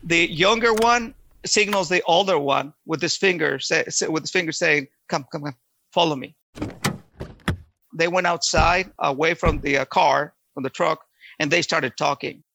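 A man telling a personal story in an earnest, halting way, often repeating words as he goes. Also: a little high, creaky, pushed and bright, low-quality recording. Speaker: storyteller giving a personal testimony.

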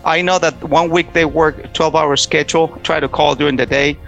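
Man, personal testimony storyteller, slightly high voice, earnest and emotional, loose retelling with restarts. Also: fairly even intonation, fairly quick, creaky, a bit bright, highs cut off, faint music behind. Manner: earnest, emotional, repeats himself. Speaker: testimony speaker.

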